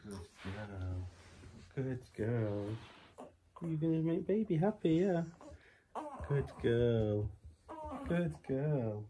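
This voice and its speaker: Home-video mum, low, unhurried voice, coaxing pet talk. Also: female voice, lively intonation, warm tone. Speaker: dog owner and new mother filming at home. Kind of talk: home video, talking to her dogs. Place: family home.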